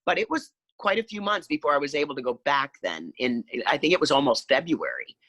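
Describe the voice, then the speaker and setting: A woman in her fifties, a guest in a casual interview, talking in a halting way with many restarts. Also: low-pitched, big pitch swings, a bit bright, slightly rough, no room sound. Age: 50s.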